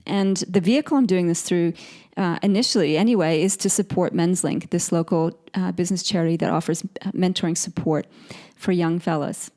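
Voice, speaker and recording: Australian woman podcast host, middle-aged, mellow tone, earnest storyteller. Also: fairly low pitch, a little fast. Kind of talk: motivational podcast monologue.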